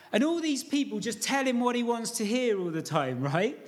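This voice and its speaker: A man's voice: high voice, big pitch swings, normal speed, hardly any pauses. A man preaching a sermon in an informal storytelling way, asking the congregation questions.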